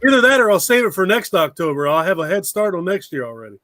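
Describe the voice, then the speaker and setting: A man's voice: high-pitched, very animated, fast, bright, forceful tone, no room sound. A man chatting as a guest on an online call, candid and blunt, swearing casually. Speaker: guest, video creator. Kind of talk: casual chat.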